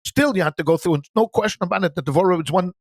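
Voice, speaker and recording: A man's voice: sits high, rapid-fire, slight background noise. A man, a rabbi, talking animatedly in a casual Bible discussion and often repeating words as he searches for the next one.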